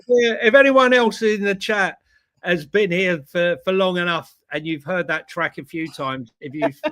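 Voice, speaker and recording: A man's voice: fairly high pitch, a bit bright. A man co-hosting an online football news show, chatting casually and laughing easily. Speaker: co-host.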